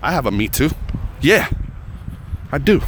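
A man's voice: mid-range voice, sing-song, unhurried, a bit bright, a little hiss or hum. A man working as a comedian, telling a rambling, profane story straight to his viewers. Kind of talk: casual storytelling to camera.

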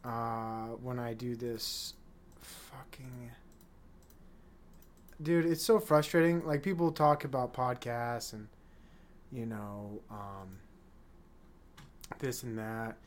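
A man's voice: mid-range voice, fairly even intonation, takes it slowly, pauses often. A flustered man hosting his own podcast, out of breath and rambling, swearing often as he fights his camera. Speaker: podcast host. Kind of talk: casual solo podcast chat. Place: small room with chairs, fan running.

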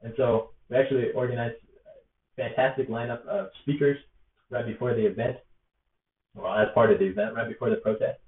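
A young man, a rally organizer, tells a story to camera in a casual, earnest, rambling way, full of fillers. His mid-range voice is brisk with fairly even intonation. Recorded on a laptop or tablet's built-in mic, the sound is echoey, distant, and tinny like a phone.

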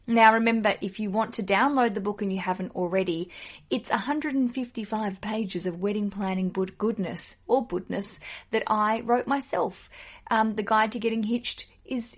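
An Australian woman hosting a podcast, chatting casually in a playful, self-deprecating way. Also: medium pitch. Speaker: podcast host. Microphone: podcast microphone.

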